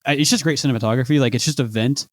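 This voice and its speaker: A man's voice: medium pitch, racing, dry recording, studio quality. A man co-hosting a podcast, chatting casually and rambling with lots of hedges while quoting lines from a show. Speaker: podcast co-host. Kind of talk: casual chat.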